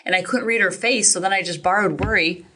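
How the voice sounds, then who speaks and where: A woman hosting a parenting podcast, telling a story in a chatty, animated way and acting out what people said. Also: medium pitch, fast talker, slight background noise. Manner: chatty, animated, acts out quotes. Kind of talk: casual solo podcast storytelling.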